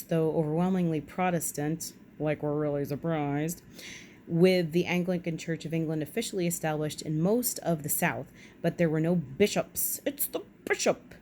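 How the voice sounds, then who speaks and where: Low-voiced woman vlogging, reads an article out loud and keeps tossing in wry side comments, little hiss behind her. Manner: chatty asides, wry and self-correcting. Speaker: vlog host. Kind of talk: reading aloud with casual commentary.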